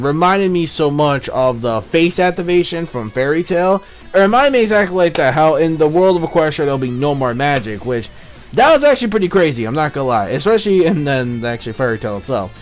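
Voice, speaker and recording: A man giving a casual spoken review of a cartoon episode, excitable and rambling, with plenty of fillers and swearing. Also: on the high side, fairly quick, faint music behind.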